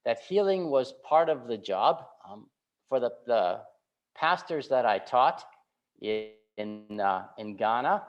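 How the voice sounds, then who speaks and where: A man giving a sermon as a pastor, speaking informally and often checking in with a quick "right?". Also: medium pitch, lively intonation. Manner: informal, keeps asking "right?" to check in with listeners. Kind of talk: conversational sermon. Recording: dull lo-fi recording.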